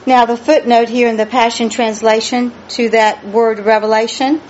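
A woman's voice: a little high, little pitch movement, moderate pace, a little mellow. A woman preaching a Bible study sermon, emphatic and drawn out, questioning her listeners and exclaiming praise. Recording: dull lo-fi recording with faint noise.

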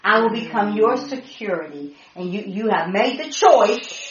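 Animated woman teaching scripture. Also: medium pitch, unhurried, a little hiss or hum. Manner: animated, spells out words, laughs often. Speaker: Bible study teacher. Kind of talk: excited Bible study teaching. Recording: echoey muffled room audio.

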